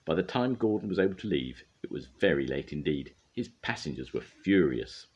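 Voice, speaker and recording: Deep husky grandfather reading storybooks. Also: normal speed. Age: older. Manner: gentle, expressive reading with occasional slips.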